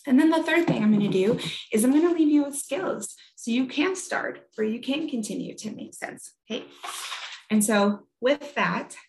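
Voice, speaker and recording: A woman's voice: medium pitch, echoey room. Candid woman telling a parenting story. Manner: candid, conversational, with frequent "like" and restarts. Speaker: speaker giving a talk on parenting. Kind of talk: personal storytelling talk.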